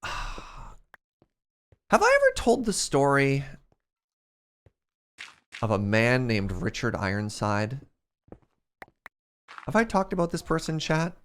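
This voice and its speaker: A man's voice: medium pitch, huge pitch swings, takes it slowly, pauses often, fairly bright tone, slight background noise. A man in his thirties streaming a game, telling a story in casual chat and laughing often. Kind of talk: casual storytelling while gaming.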